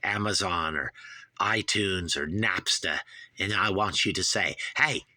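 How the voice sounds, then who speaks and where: Man in his 50s, from Southern California, slow drawling talk, rambling, profane, dry close sound. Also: sits low, bright, forceful tone, dry recording. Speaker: host. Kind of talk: casual rambling album review.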